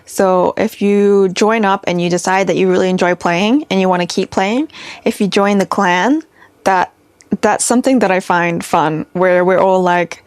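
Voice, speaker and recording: A woman's voice: medium pitch, normal speed, clear, resonant tone, no echo. A young adult woman streaming from home, chatting casually and rambling with lots of fillers. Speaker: live streamer. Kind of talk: casual live-stream chat.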